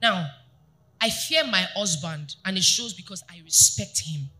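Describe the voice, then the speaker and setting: A woman pastor preaching a sermon to her congregation, animated and often asking them questions. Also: fairly low pitch, measured pace, soft background music. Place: church.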